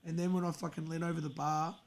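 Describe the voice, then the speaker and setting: A man's voice: fairly high pitch, level tone, fast, vocal fry. A young man hosting a podcast, telling a story in a heated, profane casual rant. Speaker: podcast host. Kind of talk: angry casual rant on a stream.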